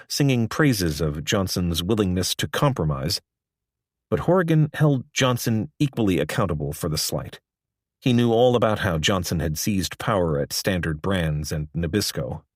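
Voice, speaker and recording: A man in a measured, even scripted audiobook narration. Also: fairly low pitch, no echo, studio quality.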